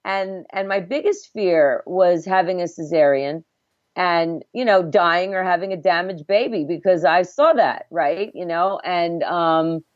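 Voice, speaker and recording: A woman's voice: on the low side, unhurried, no room sound. A middle-aged woman, a midwife and former obstetric nurse, telling her story earnestly and reflectively in a conversational interview. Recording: dull, dry lo-fi audio.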